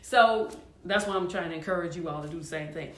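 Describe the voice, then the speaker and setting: A woman's voice: lowish voice, brisk, reverberant. A woman choir director hosting her show, talking casually and encouragingly to viewers, with frequent fillers.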